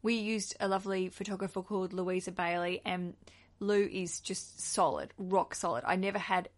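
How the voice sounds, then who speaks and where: A woman's voice: fairly low pitch, moderate pace. A woman in her thirties with an Australian accent, hosting a podcast in a chatty, effusive way. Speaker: podcast host. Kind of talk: casual podcast chat.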